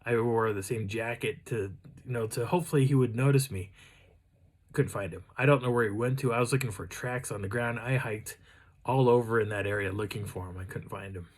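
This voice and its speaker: A man with a husky, slightly breathy voice pitched on the low side. He tells a casual story to the camera and wanders as he goes, often restarting sentences and filling gaps with ums and uhs. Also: a little fast. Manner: rambling, with frequent restarts and fillers. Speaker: channel host.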